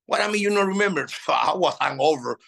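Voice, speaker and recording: A man in his fifties, a native Spanish speaker, telling lively stories in a casual interview and acting out old conversations. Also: on the high side, fast talker, creaky, breathy edge, rough recording. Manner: animated, acts out past dialogue. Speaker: interview guest.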